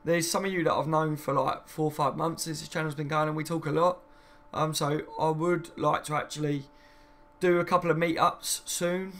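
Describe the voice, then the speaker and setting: A man's voice: fairly high pitch, little pitch movement, normal speed, fairly bright tone, slight background noise. A man hosting a casual live stream, chatting loosely and reading viewers' comments aloud before answering them. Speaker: fan channel host.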